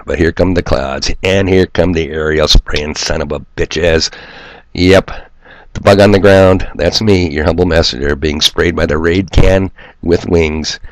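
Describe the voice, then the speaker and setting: Deep gravelly man ranting sarcastically. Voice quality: nasal twang. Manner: sarcastic, profane, self-mocking. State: hay fever. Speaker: solo video commentator. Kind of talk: ranting monologue to viewers.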